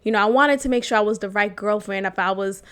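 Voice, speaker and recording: A young adult woman hosting a podcast, telling a frank personal story in a profane, animated way and laughing often. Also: mid-range voice, quick pace. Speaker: podcast host. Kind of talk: candid storytelling monologue.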